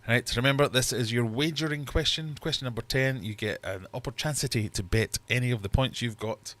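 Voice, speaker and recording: A man's voice: mid-range voice, a little fast, a bit bright. A middle-aged man hosting a casual livestream quiz from his fish room, chatty and jokey as he reads out questions and scores. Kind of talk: casual live quiz chat.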